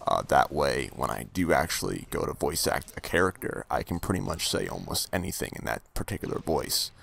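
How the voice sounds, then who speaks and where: A man talking over gameplay in a slow, deep, gravelly character voice he practices for voice acting. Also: sing-song, a bit bright, exaggerated voice. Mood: low, calm. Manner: slow, low, murmured delivery. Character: deep low-voiced male character, menacing. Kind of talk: game commentary in a practice character voice.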